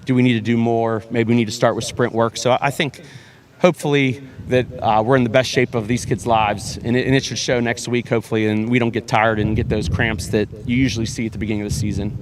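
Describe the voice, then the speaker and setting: A man, a high school football head coach, talking earnestly in a sports interview, often repeating words and restarting with fillers. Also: flat delivery, quick pace.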